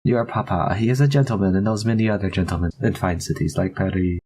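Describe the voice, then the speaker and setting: A man's voice: sits low, fast, dark tone, breathy edge. A man putting on a kindly French maid. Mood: gentle. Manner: put-on French accent.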